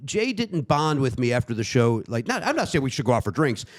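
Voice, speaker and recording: Middle-aged male comic guest, lively delivery, full of quick voices. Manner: animated, does quick impressions in a high voice. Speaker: comedian guest. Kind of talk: casual storytelling chat.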